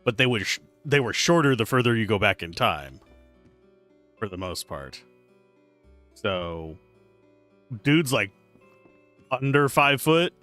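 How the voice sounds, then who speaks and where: A man rambles wryly through casual gameplay commentary with a lively, bouncing pitch. His voice is bright and forward. It sits dry on a close desk mic, with faint game music behind. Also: takes it slowly, pauses often, no room sound. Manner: wry, rambling. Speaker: streamer.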